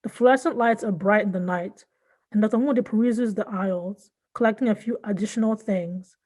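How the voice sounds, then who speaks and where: A woman from Nigeria and Southern California reading her own fiction aloud in a measured, even way. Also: mid-range voice. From born in Nigeria, raised in Southern California. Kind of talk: literary reading.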